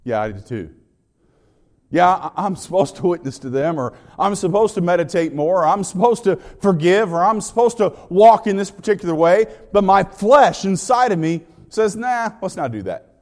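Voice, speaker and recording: A man's voice: high voice, expressive, normal speed, darkish tone, long reverb tail. A man preaching a sermon as pastor, emphatic and building his points through repeated phrases.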